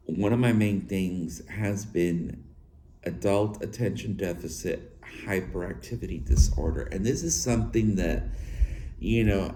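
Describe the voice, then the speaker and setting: A man in his thirties with a slight lisp, talking in a halting way to his viewers, with restarts and filler words. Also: sits low, a little mellow, slight background noise. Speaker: vlogger. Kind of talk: personal talk to viewers. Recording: echoey room with faint ambience.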